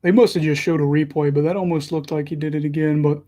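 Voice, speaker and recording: Young guy on a hockey livestream, kinda high voice but soft and mellow, chatty and self-deprecating. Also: steady tone, quick pace. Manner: chatty, self-deprecating, follows play live. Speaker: livestream host and hockey commentator. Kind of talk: casual livestream commentary.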